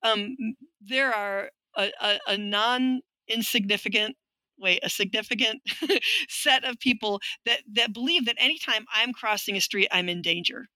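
A middle-aged woman talks as a guest in an interview, her voice bright and sharp. She tells her stories frankly and with dry wit. The sound is close and dry, with no room around it. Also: on the high side, normal speed, no room sound, poor audio. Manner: frank, wry storytelling that acts out quoted voices. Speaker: guest, linguistics professor. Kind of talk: conversational interview.

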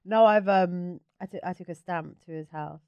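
Wry young woman, lowish voice. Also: normal speed, darkish tone, clear, resonant tone, no echo, muffled recording. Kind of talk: casual chat.

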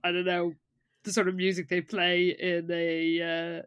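A woman co-hosting a podcast, recapping an episode in casual chat with giggly, animated storytelling. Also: lowish voice, a little slow, clear, resonant tone, no echo. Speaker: podcast co-host.

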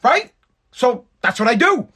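A man's voice: very high-pitched, very animated, a little slow, sharp tone. A man in his thirties hosting his own podcast, ranting in a profane, exasperated and rambling way. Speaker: podcast host. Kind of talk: solo podcast rant.

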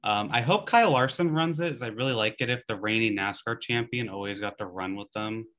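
A man's voice: lowish voice, fairly quick, a bit bright. A man co-hosting a podcast in casual chat, easygoing and often hedging with "I don't know.". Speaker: podcast co-host.

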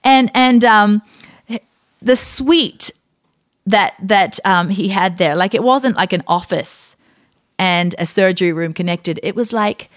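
A woman podcast host telling a story in a casual, animated way, with lots of fillers and restarts. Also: mid-range voice, slow, no room sound, clean studio sound.

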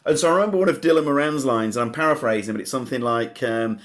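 A man's voice: medium pitch, rapid-fire, a bit bright. A man hosting a comedy podcast, chatting casually and hesitantly with his guest. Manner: hesitant, many fillers and restarts. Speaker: podcast host. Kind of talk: casual chat.

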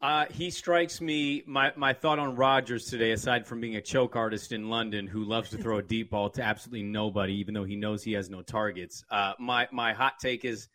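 A man's voice: on the low side, fairly even intonation, sharp tone, no room sound. A man from the West Coast co-hosting a sports podcast, opinionated and joking in casual chat. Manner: opinionated, joking, quick asides.

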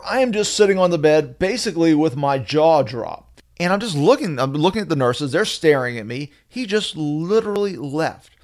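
A middle-aged man hosts his podcast with a wry, animated storytelling manner. His voice sits slightly high for a man. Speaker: podcast host. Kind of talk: storytelling monologue.

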